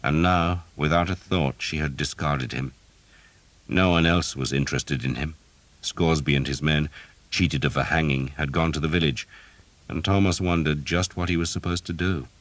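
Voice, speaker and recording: A man reading an audiobook, in steady, measured scripted narration. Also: a bass voice, no echo.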